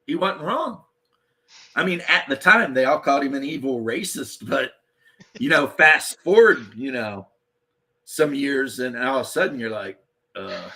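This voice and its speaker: Man, podcast host, rambling, swears freely, husky tone. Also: medium pitch, pushed and bright. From Eastern Kentucky, USA. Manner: rambling, profane, blunt. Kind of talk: casual chat.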